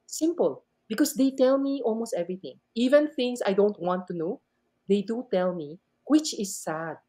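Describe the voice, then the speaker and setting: A middle-aged woman with a Filipino accent, a math teacher telling animated stories as a podcast guest and switching between Tagalog and English. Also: mid-range voice, normal speed. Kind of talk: casual podcast storytelling.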